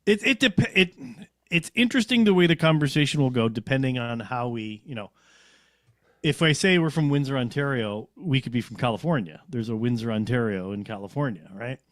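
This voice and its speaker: A man's voice: mid-range voice, animated, a little fast, no room sound. Chatty man on a dry mic. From Canada. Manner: chatty, rambling, self-correcting. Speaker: co-host. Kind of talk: casual livestream chat.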